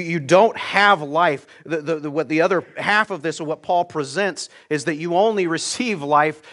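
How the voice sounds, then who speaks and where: A middle-aged man from the United States, preaching a sermon in a church, earnest and direct, swinging between loud emphatic peaks and quiet low asides. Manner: earnest, direct, repeats words when starting a thought. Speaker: pastor.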